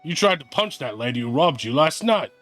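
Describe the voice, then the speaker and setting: Squabbling pirate guards, gruff and lively, their voices swinging high as they argue, as a man puts them on. A rough back-and-forth with a lilt of banter. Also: fairly quick, no echo, faint music behind. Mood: bickering.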